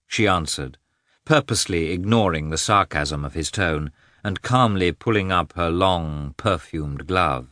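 A man narrating a classic novel in an expressive, measured reading. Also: low-pitched, no room sound, studio quality. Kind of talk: audiobook narration.

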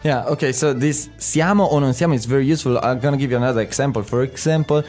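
A man's voice: mid-range voice, quick pace, darkish tone, faint music behind. Man explaining grammar. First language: Italian. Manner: explanatory, friendly back-and-forth. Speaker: co-host, Italian teacher. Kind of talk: language lesson podcast chat.

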